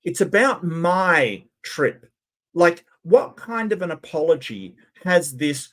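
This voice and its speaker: Sarcastic man with a lively voice. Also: fairly high pitch, slow pace. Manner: sarcastic, incredulous. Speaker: commentary host. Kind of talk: mocking commentary on clips.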